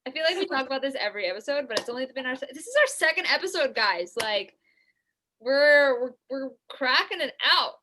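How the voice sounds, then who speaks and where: High, bright-voiced chatty woman. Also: lively intonation, a little fast, slight background noise. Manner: rambling, lots of filler "like", swearing. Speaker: podcast co-host. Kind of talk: casual comedic chat. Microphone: remote call setup.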